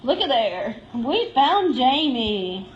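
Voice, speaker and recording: High-voiced woman cooing to cats. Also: very animated, takes it slowly, reverberant, lo-fi sound, slight background noise. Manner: cooing baby-talk to cats, frequent laughs. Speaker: shelter volunteer giving a live tour. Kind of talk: casual live-stream tour. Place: indoor cat room at an animal shelter.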